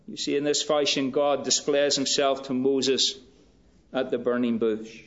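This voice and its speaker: Slow, measured male preacher, lo-fi. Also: mid-range voice, steady tone, a bit bright. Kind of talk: sermon. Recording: dull lo-fi recording.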